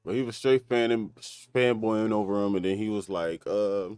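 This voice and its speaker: A man's voice: lowish voice, moderate pace, a little mellow, clear, resonant tone, dry recording, clean studio sound. A man casually recapping an episode on a stream, rambling with fillers, restarts and laughter.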